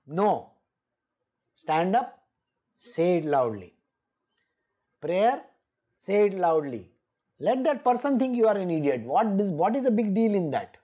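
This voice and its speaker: Animated woman teaching scripture. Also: medium pitch, a little slow, pauses often, slightly rough. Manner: emphatic, scolding, laughs often. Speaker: spiritual teacher. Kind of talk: scripture exposition talk.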